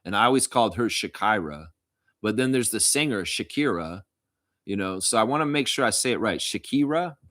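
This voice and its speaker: A man's voice: fairly low pitch, expressive, brisk, fairly bright tone, dry recording, studio quality. A man hosting a casual live stream, reading chat comments and rambling with jokes and laughter.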